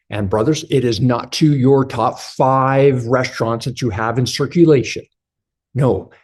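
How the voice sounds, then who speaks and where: Male relationship coach, warm, low-key tone, blunt and direct delivery for a men's motivational talk. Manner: blunt and direct, addresses listeners as brothers.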